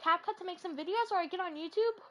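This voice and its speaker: A woman's voice: very high-pitched, fast talker, a bit bright, a little hiss or hum. A woman vlogger ranting casually and animatedly, packing her talk with "like" fillers and exasperated asides.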